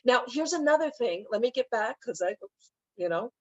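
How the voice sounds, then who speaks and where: A middle-aged woman speaking as a spiritual teacher, talking gently and emotionally about grief and often repeating her phrases. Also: mid-range voice, normal speed, dry recording, muffled recording. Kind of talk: heartfelt talk on grief.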